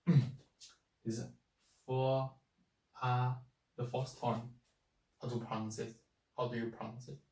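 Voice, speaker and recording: A man's voice: mid-range voice, little pitch movement, slow, pauses often, a little mellow, reverberant, distant mic, low-quality recording. A man teaching pronunciation, patiently repeating each syllable several times. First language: Chinese. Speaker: Chinese language teacher. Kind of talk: slow spoken language lesson.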